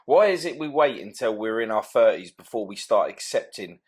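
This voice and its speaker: A man hosting a podcast, asking reflective questions and gently prompting his guest. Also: lowish voice, very animated, normal speed, breathy edge. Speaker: podcast host. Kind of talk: interview questions.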